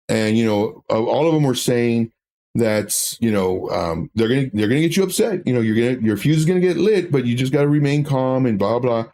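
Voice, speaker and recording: A man's voice: mid-range voice, dark tone. A man hosting a trading livestream, talking in a rambling, casual way with self-mocking asides. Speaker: trading stream host.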